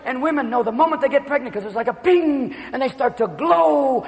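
A man performing a manic stand-up routine, jumping into shouted character voices before a live audience. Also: very high-pitched, expressive, fairly quick. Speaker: stand-up comedian. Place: large theater stage. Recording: live hall with loud crowd and noise. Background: audience laughter.

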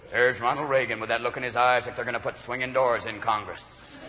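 A man doing a rapid, ranting stand-up routine on a club stage, slipping into voices and shouts. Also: mid-range voice, long reverb tail. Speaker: stand-up comedian. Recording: dull live club recording, audience noise.

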